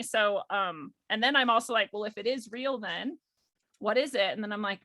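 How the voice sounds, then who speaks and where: A young woman recounts a personal story in casual conversation. Her voice is bright and forceful, and the sound is dry with no room around it. She laughs often and acts out the voices of the people she quotes. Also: medium pitch, a little fast, no echo. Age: young adult. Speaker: guest.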